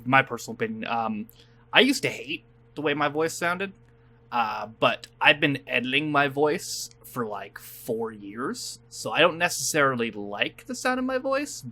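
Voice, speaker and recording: A man's voice: mid-range voice, big pitch swings, moderate pace, pushed and bright. An American man hosting a reaction video, making chatty, matter-of-fact asides. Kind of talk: casual commentary.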